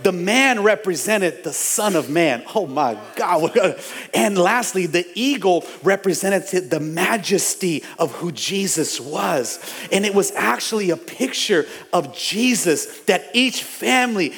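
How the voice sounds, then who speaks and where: A man preaching a fiery sermon as pastor in a church, building up to shouts and repeating his phrases. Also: high-pitched, expressive, measured pace, gravelly, long reverb tail. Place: church sanctuary.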